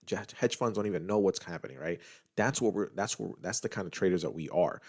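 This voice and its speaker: A man's voice: low-pitched, fast talker, vocal fry, slightly rough. A middle-aged man from Puerto Rico, a podcast co-host talking casually and animatedly to listeners, often restarting his sentences. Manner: animated, repetitive restarts, addresses listeners as guys. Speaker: podcast co-host, trading group leader.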